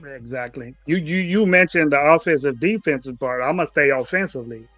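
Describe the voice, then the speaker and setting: A man's voice: on the high side, a little fast, fairly bright tone, dry recording, soft background music. A man in casual sports talk, blunt and emphatic, repeating his points for effect. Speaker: podcast host.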